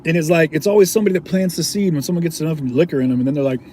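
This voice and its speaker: An independent video journalist tells his viewers a story in a slangy, laid-back manner, chuckling often. He talks very fast in a voice on the high side with a dark tone, and there's slight background noise.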